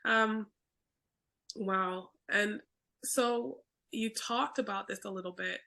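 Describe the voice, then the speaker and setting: Young woman podcast host, chatty, trips over words a lot, bright gravelly voice. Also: medium pitch, steady tone, slow pace. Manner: chatty, stumbles over words, many fillers. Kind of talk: casual interview chat.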